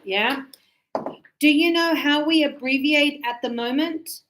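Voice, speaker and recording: A woman teaching a grammar lesson in a classroom, her voice sitting a little high. She talks slowly and deliberately, sounding out each word for the class. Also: fairly bright tone, slight background noise. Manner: slow, deliberate, models pronunciation. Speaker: English teacher.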